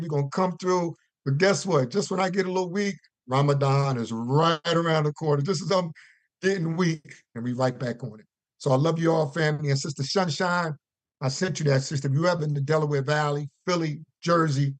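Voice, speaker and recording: A man's voice: fairly high pitch, dry recording. Earnest man sharing on a call. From US East Coast. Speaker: caller. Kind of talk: testimony on a conference call.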